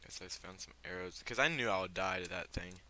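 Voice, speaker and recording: A man's voice: deep voice, fast talker, sharp tone, a little hiss or hum. A young man giving casual, filler-heavy gameplay commentary, given to startled outbursts. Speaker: let's play gamer.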